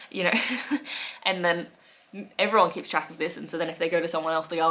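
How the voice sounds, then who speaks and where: A chatty young woman with an Australian accent talks straight to camera in a playful, easygoing way. Her voice sits a little low, and she laughs often and slips into bits of quoted speech. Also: expressive, a little fast, fairly bright tone. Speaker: vlogger. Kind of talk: casual chat to camera.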